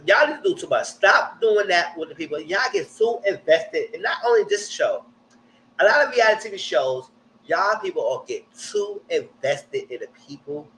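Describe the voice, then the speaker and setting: Blunt, animated man recapping TV. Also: a little hiss or hum, poor audio. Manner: animated, jumps high when quoting people; blunt, slangy, opinionated. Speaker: TV recap streamer. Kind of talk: live casual TV recap commentary.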